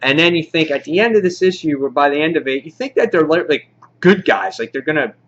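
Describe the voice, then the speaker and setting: A man casually reviewing a comic book, rambling excitedly and acting out the characters' lines. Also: a little high, brisk, dull audio.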